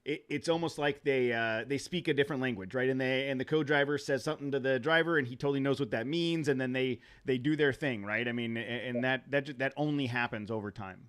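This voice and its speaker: A man's voice: medium pitch, a bit bright, clear, resonant tone. A man with a mid-range voice hosts a casual podcast. He asks his questions in an easygoing way, with some hesitant restarts. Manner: easygoing, halting questions, quick to laugh. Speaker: podcast host.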